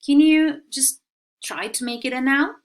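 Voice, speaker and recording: A woman teaching English vocabulary in a recorded online lesson, speaking clearly and drilling pronunciation. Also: high-pitched, unhurried.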